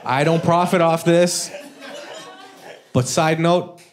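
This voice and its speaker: A man's voice: on the high side, steady tone, slow. A man doing a live stand-up comedy set, talking loosely and casually, with frequent tag questions like "all right?". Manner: loose, conversational, peppered with "all right?" and "you know?". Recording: live club with audience. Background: audience laughter.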